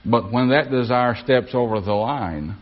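A man's voice: mid-range voice, a little slow, muffled recording. A man preaching a sermon as pastor, folksy, often asking the congregation for an amen. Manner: folksy, asks congregation for amens.

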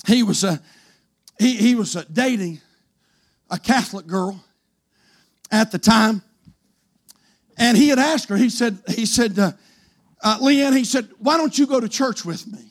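A male pastor preaching a fiery revival sermon, shouting his points and dropping to a hushed voice for stories. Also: very high voice, a little slow, pauses often. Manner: shouting, swinging from loud to hushed storytelling.

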